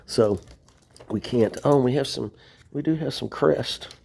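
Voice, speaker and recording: Gravelly, husky middle-aged man venting. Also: mid-range voice, a little slow, warm tone. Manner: profane, venting, with wry laughs. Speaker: vlogger. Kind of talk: rambling casual monologue. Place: shelter room, sitting on floor.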